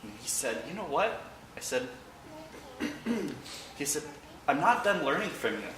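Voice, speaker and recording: A man giving an emotional personal remembrance of his late father to a church congregation, halting at times but with wry humor. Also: a little high, sing-song, distant mic, noisy background. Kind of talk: personal storytelling speech. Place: large church hall. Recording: echoey hall, picked up from afar.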